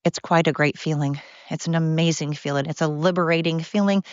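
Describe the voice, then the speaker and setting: A woman's voice: low voice, steady tone, fairly quick, darkish tone, dry recording. A middle-aged woman rants on her podcast while walking outdoors in the cold, out of breath and swearing freely. Her tone stays blunt and sarcastic throughout. The recording is dull and lo-fi, with a dry, close sound. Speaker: podcast host. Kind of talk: casual ranting monologue.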